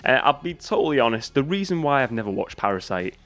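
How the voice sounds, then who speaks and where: A movie YouTuber with a mid-range, fairly bright voice talks fast and very animatedly to camera over soft background music. His casual vlog chat rambles, with frequent restarts and plenty of jokes at his own expense.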